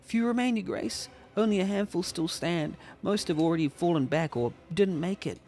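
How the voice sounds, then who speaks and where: A man's voice: sits high, moderate pace, darkish tone, faint music behind, voice pushed up. A man voicing a panicked, guilt-ridden older male court seer who stammers.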